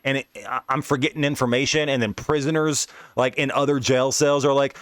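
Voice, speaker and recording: A man's voice: mid-range voice, fairly even intonation, fairly quick, hardly any pauses, a bit bright, clear, resonant tone, no echo. A man telling a long personal story in casual, slangy speech, swearing freely and often asking "you know what I mean.". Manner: rambling, profane, slangy; leans on filler tags. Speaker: podcast host.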